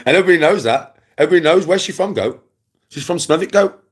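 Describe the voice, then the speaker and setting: A West Midlands vlogger rants casually to camera, mocking and taunting, repeating his jibes and bursting into laughter. His voice is fairly high, husky, and fast, with lively intonation.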